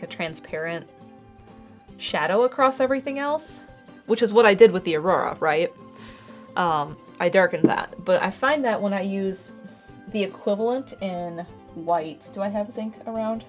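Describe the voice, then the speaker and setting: A young woman streaming her art, chatting casually and explaining her painting steps as she works. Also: mid-range voice. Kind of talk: casual chat while painting.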